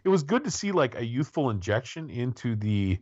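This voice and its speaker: A man's voice: medium pitch, very animated, a little fast, darkish tone, no echo. Guy in his 40s hosting a podcast, rambly and jokey, kinda dull lo-fi dry sound. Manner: rambling, joking, many restarts. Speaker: podcast host. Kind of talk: casual interview chat.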